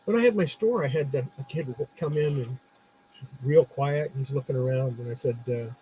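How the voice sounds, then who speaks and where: A man's voice: medium pitch, brisk, dark tone, a little hiss or hum, rough recording. A middle-aged man, a former comic shop owner, chatting casually and telling anecdotes with frequent laughs. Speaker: comic shop owner turned podcast host. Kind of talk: casual storytelling chat.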